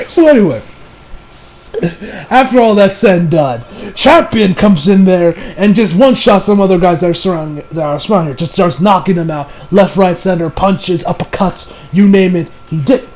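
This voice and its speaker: A man giving a casual, rambling anime episode review, slangy and excitable, often laughing at his own remarks. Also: high-pitched, moderate pace, a little hiss or hum, poor audio.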